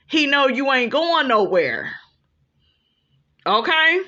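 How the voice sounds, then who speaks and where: A woman's voice: on the high side, animated, measured pace, sharp tone. A woman giving blunt, profane commentary on her channel, often asking "okay?" to drive a point home. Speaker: reality TV commentator. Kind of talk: casual commentary. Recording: dull lo-fi recording.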